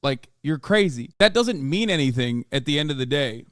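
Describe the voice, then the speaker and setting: Streamer, male, 30s, swears a lot and gets worked up, slightly high voice, dry close mic. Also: dry recording. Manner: profane, animated, quick to exclaim. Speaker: streamer reacting to a fight video. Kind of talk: casual reaction commentary.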